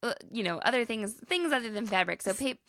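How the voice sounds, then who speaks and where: A woman's voice: on the high side, animated, fairly quick, a bit bright, no room sound, clean studio sound. A woman co-hosting a podcast, chatty and giggly, rambling through her stories with lots of restarts. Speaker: podcast co-host. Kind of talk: casual chat.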